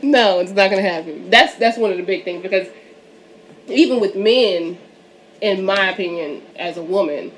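A woman's voice: mid-range voice, normal speed, slight background noise. A woman hosting a casual podcast chat, talking candidly, swearing and laughing often. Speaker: podcast host.

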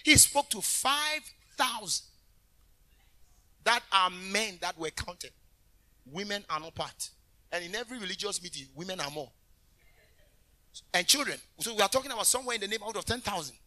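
A man minister preaching a sermon in an animated way, bursting into shouts and talking directly to the congregation. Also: high voice, moderate pace, long pauses.

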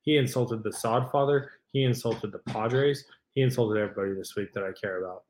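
Brisk and on the low side, this podcast co-host's voice echoes in the room. Chatting casually, he swears a lot and throws himself into lively storytelling.

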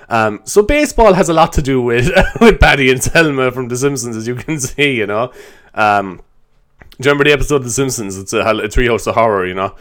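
A man's voice: mid-range voice, very animated, fast. A young man hosting a solo podcast, rambling loosely, swearing and laughing as he talks. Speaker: podcast host. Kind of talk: solo improvised podcast chat.

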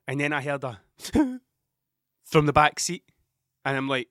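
Talking at normal speed with long pauses, this Scottish podcast host in his thirties has a medium-pitched, fairly bright voice. He rambles through a casual, sweary story, frequently starting over, into a close mic with a dry recording.

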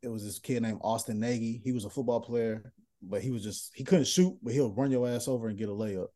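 A young man, a guest on a podcast, telling animated stories in casual chat. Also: medium pitch, a little fast. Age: young adult. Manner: animated, laughing storyteller. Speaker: guest, host's son.

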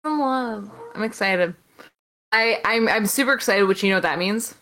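A woman co-hosting a podcast, candid and excitable in casual chat. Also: mid-range voice, normal speed. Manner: candid, excitable, swears freely. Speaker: podcast co-host.

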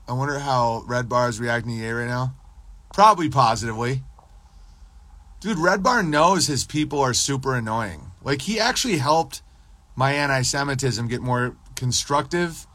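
On his podcast livestream, a man rambles loosely and profanely from topic to topic, answering chat messages and slipping into mocking impressions. His mid-range voice is animated, unhurried, bright and forceful, with no room sound.

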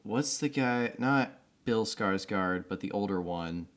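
A man co-hosting a podcast in relaxed, rambling chat. He laughs easily and wanders into side remarks. His voice sits somewhat low. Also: a little slow. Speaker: podcast co-host. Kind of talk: casual chat.

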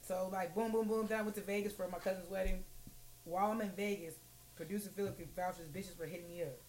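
A woman's voice: mid-range voice, steady tone, fast, a little mellow, a little hiss or hum. A woman co-hosting a casual podcast, telling a wild story with lots of profanity and acted-out quotes. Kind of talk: casual chat.

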